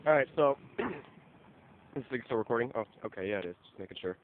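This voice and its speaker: A man interviewing a friend in a casual chat, prompting questions and often trailing off quietly. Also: medium pitch, animated, fast, slight background noise. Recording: phone-like audio, speaker off mic.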